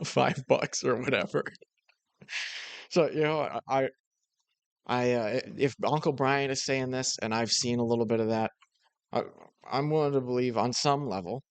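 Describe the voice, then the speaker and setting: A man reacting to a clip in casual commentary, relaxed and a bit hesitant with chuckling asides. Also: mid-range voice, no echo.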